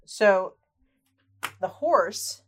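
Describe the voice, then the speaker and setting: A woman running a tabletop game as game master, describing the action in a lively, laughing way. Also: mid-range voice, extremely slow, breathy edge.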